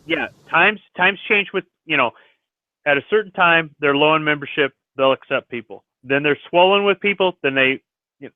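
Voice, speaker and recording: A man's voice: fairly high pitch, moderate pace, no echo. A middle-aged man, a Marine veteran, telling stories in blunt, profane casual chat. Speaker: Marine veteran chatting in an online lobby. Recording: tinny phone-like voice chat.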